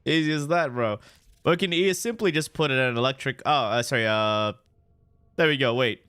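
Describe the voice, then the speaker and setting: A man's voice: mid-range voice, normal speed, pushed and bright, smooth, dry recording, clean studio sound. A man streaming a video game, chatting loosely with viewers and joking, with many restarts. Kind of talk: casual live-stream chat while playing.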